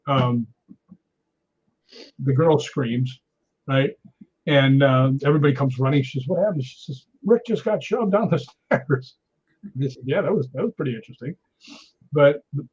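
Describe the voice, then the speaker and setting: A middle-aged man telling a story in an interview, animated and acting out quoted lines. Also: medium pitch. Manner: animated anecdote teller, acts out quotes. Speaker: stunt performer guest. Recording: dull lo-fi audio.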